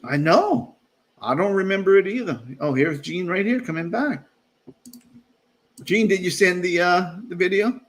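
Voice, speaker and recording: A man's voice: high voice, animated, a little slow. A man hosting a casual live-stream chat over a video call, rambling with lots of fillers and often laughing at himself. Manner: rambling, full of fillers and restarts. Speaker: host.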